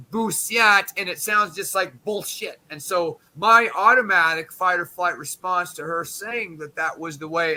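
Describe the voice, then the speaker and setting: High, piercingly bright male storyteller. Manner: profane, rambling, quick asides. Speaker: streamer. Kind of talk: crude comedic storytelling.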